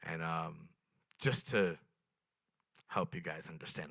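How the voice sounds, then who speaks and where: A young man performing a stand-up comedy set at a small open mic, telling dark stories in a deadpan, swearing way. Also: very deep voice, slow pace, gravelly, dry recording.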